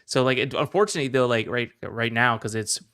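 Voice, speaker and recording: A man's voice: medium pitch, fast talker, clear, resonant tone. A man who is a podcast guest, chatting casually and getting passionate as he talks. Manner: passionate, gets excited. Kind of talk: casual chat.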